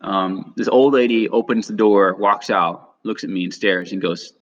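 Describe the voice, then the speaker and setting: A young man with a lowish voice spins a loose, rambling anecdote in casual podcast chat. He slips into the voices of the people he quotes. The recording is dull and lo-fi. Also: normal speed. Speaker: podcast co-host.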